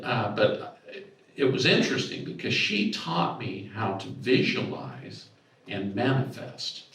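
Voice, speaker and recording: Middle-aged guy telling a story at a conference, acts out the other voices, far off in a really echoey room. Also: fairly low pitch. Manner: animated anecdote-telling, acts out dialogue with raised voice. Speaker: speaker at a symposium. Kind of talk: storytelling talk.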